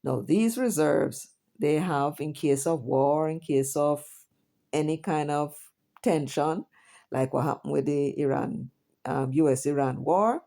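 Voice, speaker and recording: A Jamaican woman with a low, mellow voice hosts a news commentary, reading headlines and then talking them over in a chatty way. She peppers the reading with asides and questions tossed at the listener. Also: unhurried, vocal fry. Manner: chatty, reacts aloud with asides and rhetorical questions.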